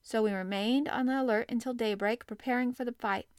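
A woman narrating an audiobook in a steady, expressive reading style. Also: on the high side, fairly quick, clean tone, no echo, clean studio sound.

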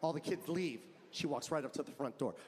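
A middle-aged man doing stand-up comedy on an arena stage, telling an animated story, acting out family members and sound effects, swearing often and shouting punchlines. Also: on the high side, a little fast. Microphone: handheld stage mic. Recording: live arena show with crowd noise.

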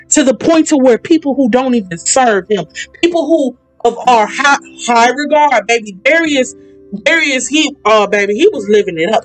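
Excitable high-voiced woman preaching casually. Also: low-quality recording. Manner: excitable, rambling, uses y'all. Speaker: podcast Bible teacher.

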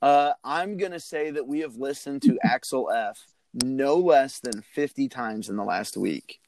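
Male host, rambling earnest pep-talk manner, some fry in the voice. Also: medium pitch, unhurried, a little mellow. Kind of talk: casual chat.

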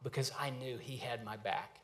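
A man in his thirties preaching a sermon in a conversational, storytelling way with lively asides. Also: medium pitch, normal speed. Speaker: pastor.

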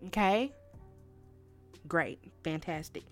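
A woman hosts her podcast in a casual, ranting monologue. Her speech is slangy and animated, and she keeps speaking directly to her listeners, with faint music in the background. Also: fairly low pitch, slow pace. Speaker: podcast host.

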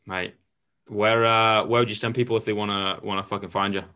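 A man's voice: on the low side, brisk, smooth. A young man hosting a casual podcast chat, telling stories with lots of swearing. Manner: swearing, storytelling, animated. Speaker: host.

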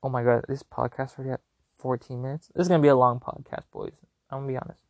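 A young man chats through a personal story on his own podcast, loose and animated, circling back with lots of fillers. His voice sits in an ordinary middle register, and the sound is dry and close with no room around it. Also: mid-range voice, very fast, no echo. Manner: animated, rambling, filler-heavy. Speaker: podcast host. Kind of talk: casual storytelling.

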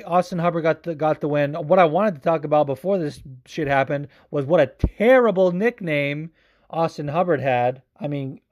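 Male podcast host, loose and profane, animated delivery, voice a touch high. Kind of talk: casual podcast commentary.

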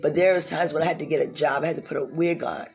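A woman's voice: low-pitched, fast, creaky, highs cut off, faint music behind. A woman hosting a casual chat show, telling stories with a laugh and talking straight to her listeners. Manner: lively storyteller, laughing, addresses listeners as y'all. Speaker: host.

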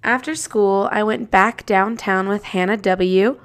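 A woman's voice: mid-range voice, unhurried, hardly any pauses. A young woman hosting a casual podcast, reading her old diary aloud with playful, giggly asides.

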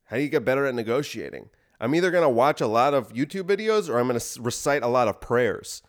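A man's voice: mid-range voice, lively intonation, quick pace. A man hosting a podcast, delivering a rambling, self-deprecating comic monologue. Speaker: podcast host.

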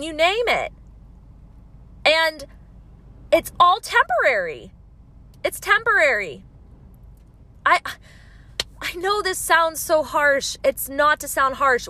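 Bright, passionate woman in her thirties. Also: on the high side. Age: 30s. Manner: passionate, emphatic, repeats key phrases. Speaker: podcast host. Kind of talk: motivational monologue.

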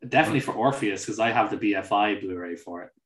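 A man's voice: fairly low pitch, quick pace, fairly bright tone, reverberant, poor audio. A man co-hosting a film podcast, talking casually and animatedly, swearing and acting out mocking quotes. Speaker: podcast co-host.

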